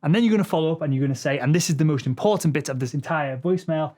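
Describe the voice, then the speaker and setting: Fast-talking, assertive male sales coach. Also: lively intonation, darkish tone. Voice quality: not particularly deep voice. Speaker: sales trainer. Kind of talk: instructional talk to camera.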